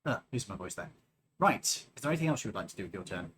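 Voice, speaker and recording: Lively man running a tabletop game. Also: on the low side, rapid-fire, slight background noise. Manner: lively, rule-explaining, describes actions. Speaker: game master. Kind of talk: narrating a tabletop game on a live stream.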